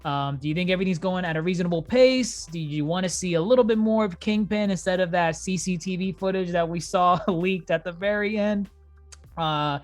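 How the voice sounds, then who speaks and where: A man hosting a casual podcast about TV shows, chatting loosely and laughing between his points. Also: fairly high pitch. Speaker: podcast host.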